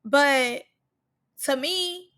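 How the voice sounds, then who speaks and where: A woman's voice: high voice, drawn-out words, pushed and bright. A woman recapping a reality show in casual, slangy speech, stressing points by repeating words.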